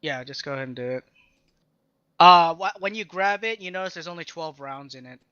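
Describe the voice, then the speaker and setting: A young man narrating a tabletop game as its game master, his voice bright and forceful but a bit raised in pitch. He describes the scene haltingly, leaning on "uh" and "like". The recording is dull and lo-fi, with a dry, close sound. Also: clean tone, no room sound. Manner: halting, filler-heavy describing.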